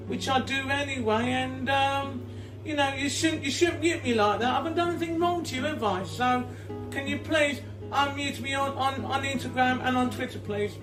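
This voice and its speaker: High-pitched man, halting and repetitive, begging and apologizing; distant mic in a roomy space with faint music behind. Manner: begging, loops phrases, shouts apologies. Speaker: internet personality in archive clips. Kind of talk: rambling pleading video messages.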